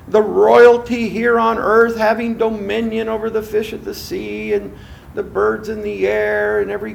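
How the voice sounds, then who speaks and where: A scheming, mocking male devil, as a preacher puts him on, swinging wildly in pitch and swelling loud. The voice has a gravelly, fried edge and the sly lure of a tempter in a sermon. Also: heavily acted.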